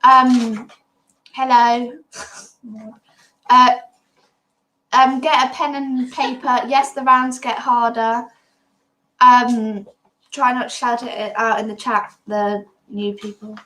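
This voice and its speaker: A woman's voice: on the high side, level tone, slow pace, long pauses, sharp tone, rough recording. A woman co-hosting a casual home quiz livestream, chatting and reading out viewers' scores. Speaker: quiz co-host.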